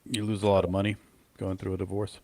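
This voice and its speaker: Low-voiced man with dry remarks. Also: monotone, fast, dark tone, no room sound. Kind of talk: casual chat.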